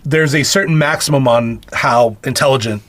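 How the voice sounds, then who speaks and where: A man at a middle pitch, recorded close and dry with no room sound. He recaps a movie for a podcast and drops sarcastic, profane asides along the way. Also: normal speed, fairly bright tone, no room sound. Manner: wry, sarcastic asides with swearing. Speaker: podcast co-host. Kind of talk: casual film-review chat.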